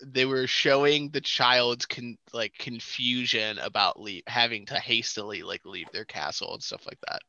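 Bright-voiced man, dry lo-fi sound. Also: mid-range voice, fairly even intonation, normal speed, few pauses, no room sound. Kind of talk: casual chat reviewing a movie.

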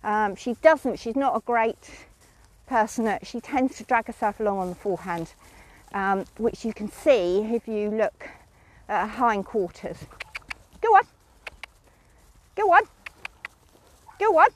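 Outdoors with horses, a middle-aged woman who vlogs as a horse owner chats casually, now and then breaking off to call commands to a horse she's lunging. Her voice is medium-pitched and her pace a little slow.

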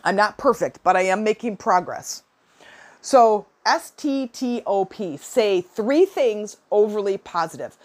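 A woman in her forties talks casually as she shares advice, mid-pitched and chatty. She fills her sentences with "like" and "you know" and acts out quoted lines as she tells her story. She sounds animated and conversational rather than scripted. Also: unhurried. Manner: chatty, animated, many fillers and quoted asides. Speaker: speaker giving advice.

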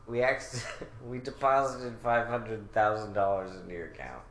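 A man's voice: lowish voice, a bit bright, a little hiss or hum, voice pushed down, natural voice. Brief: man playing a pushy Indian-accented male scammer, exaggerated and giggly, echoing room. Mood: demanding. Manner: mocking, giggling, drawn-out exaggerated delivery. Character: pushy male phone scammer demanding gift cards. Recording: roomy echo.

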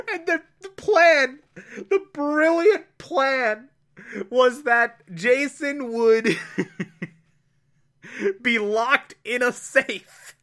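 This is a relaxed solo recap of a TV episode, delivered at an unhurried pace. The speaker has a bright, sharp-edged tone. They keep breaking into amused laughter and gush over their favorite parts. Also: medium pitch. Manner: laughs often between sentences; amused, gushing. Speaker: show recapper. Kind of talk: casual recap monologue.

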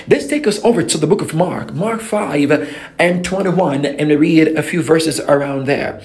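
A woman preaching a fervent sermon, repeating phrases and filling pauses with "praise God.". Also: low voice, a little mellow.

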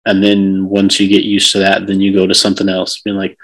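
Low, flat-voiced reflective man. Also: brisk, few pauses, poor audio. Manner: reflective, explains ideas step by step. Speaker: podcast co-host. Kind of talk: casual conversation.

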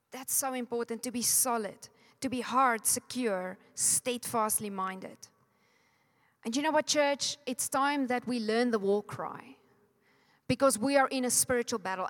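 A woman with a South African accent preaching a sermon in a church hall, animated and rousing her congregation to join in. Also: fairly high pitch. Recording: long hall reverb.

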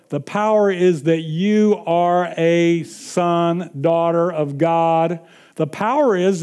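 A man's voice: sits high, warm tone. A man preaching a sermon, emphatic and repeating his points with frequent chuckles.

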